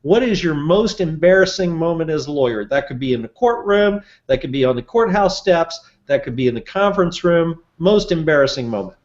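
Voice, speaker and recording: A man's voice: a little high, lively intonation, a little fast, hardly any pauses, lo-fi sound. A man, a lawyer hosting the show, asking guests playful, teasing questions. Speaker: lawyer host. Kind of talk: casual interview host.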